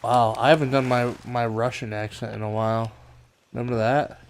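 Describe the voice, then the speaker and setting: A man's voice: mid-range voice, fairly quick, slight background noise. A man streaming a pirate video game, giving casual commentary and muttering to himself as he plays. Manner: relaxed, muttering to himself while playing. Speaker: gaming streamer.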